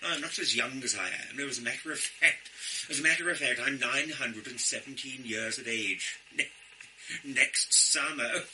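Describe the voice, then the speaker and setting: A man's voice: mid-range voice, moderate pace, sharp tone, slight background noise, poor audio. Jolly ancient Father Christmas, as a man puts him on. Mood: coaxing. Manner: grandly reassuring, old-fashioned politeness.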